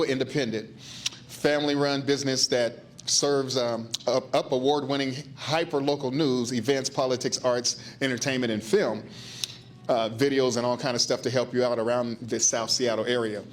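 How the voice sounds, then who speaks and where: A man's voice: mid-range voice, steady tone, moderate pace, a little hiss or hum. A man hosting a business luncheon, giving chatty welcoming remarks and repeating words for emphasis. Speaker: business engagement manager, event host. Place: meeting room at a luncheon.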